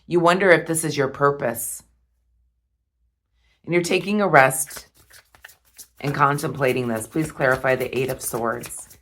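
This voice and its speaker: A woman reading tarot cards, talking slowly and softly with heartfelt pauses. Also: rumbling low, a little hiss or hum. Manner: slow, soft and heartfelt, with pauses. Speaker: tarot reader.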